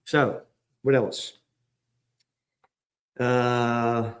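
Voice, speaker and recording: A man's voice: medium pitch, unhurried. Profane, ranting New man. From the Bronx, New York. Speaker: trends forecaster and show host. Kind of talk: profane current-affairs commentary.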